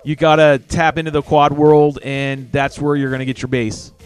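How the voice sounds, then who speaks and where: A man's voice: a little high, little pitch movement, normal speed, clear, resonant tone, soft background music. A man hosting a casual live call-in show, joking around, swearing and teasing his callers. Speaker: podcast host.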